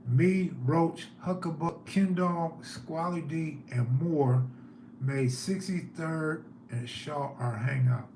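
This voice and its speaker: A man's voice: fairly high pitch, takes it slowly, darkish tone, roomy sound, a little hiss or hum. A man hosting a live stream, telling neighborhood stories in a laid-back way and reading chat aloud.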